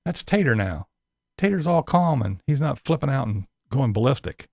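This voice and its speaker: A man's voice: medium pitch, big pitch swings, moderate pace, gravelly, darkish tone, no room sound. A man giving a sarcastic, profane commentary rant as a vlogger.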